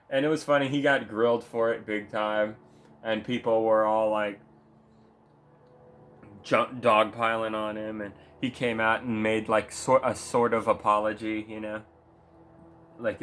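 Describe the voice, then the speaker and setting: A man's voice: on the low side, a bit bright, a little hiss or hum. A man ranting casually about video games, foul-mouthed and rambling, mocking what he talks about. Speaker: gaming vlogger. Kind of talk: profane casual rant.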